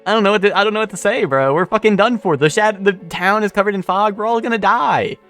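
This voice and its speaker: A man's voice: sits high, fast, a bit bright, soft background music. A man streaming a video game, rambling in casual commentary, swearing often and repeating himself.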